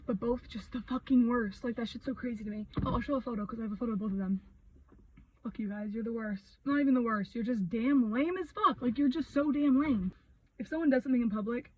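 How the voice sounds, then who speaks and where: A young woman vlogger ranting a story in a heated, sweary, expressive way, full of fillers. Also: a little high, recorded from a distance, narrow, tinny audio, slight background noise.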